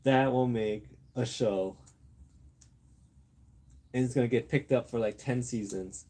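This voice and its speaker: A man hosting a casual livestream, rambling through random topics with viewers, laughing often and brainstorming out loud. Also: medium pitch, unhurried. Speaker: livestream host.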